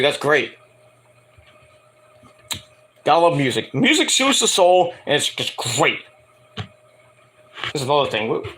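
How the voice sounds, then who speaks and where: New man vlogging, lively pitch, bright and forceful, loose and profane storyteller. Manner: animated, profane, acts out quotes in higher voices. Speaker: wrestling and music vlogger. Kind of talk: casual rambling storytelling to camera.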